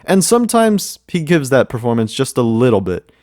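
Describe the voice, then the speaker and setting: A man reviews music in a casual, rambling way, often repeating himself and leaning on fillers. His voice sits at a middle pitch and sounds dry and close, with no room echo. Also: big pitch swings, normal speed, darkish tone. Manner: rambling, with many repeats and "you know" fillers. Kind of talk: casual commentary.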